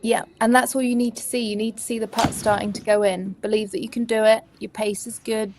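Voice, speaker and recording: Woman, golf analyst, gravelly slightly high voice, lively and playful. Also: a little fast, background noise. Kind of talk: live golf commentary.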